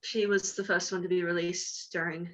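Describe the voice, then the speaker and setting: A woman's voice: on the low side, level tone, moderate pace, voice pushed down, close to an everyday voice, low-quality recording. A woman voicing a playful male elven god in a tabletop game, talking casually. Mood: offhand. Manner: casual, laughing, offhand. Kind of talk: tabletop role-play.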